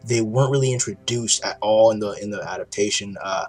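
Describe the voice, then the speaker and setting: A man with a somewhat low voice recaps a TV episode in a casual video review. He talks excitedly, swears freely and restarts his sentences often. Faint music sits underneath. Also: brisk. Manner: excited, profane storytelling with frequent restarts.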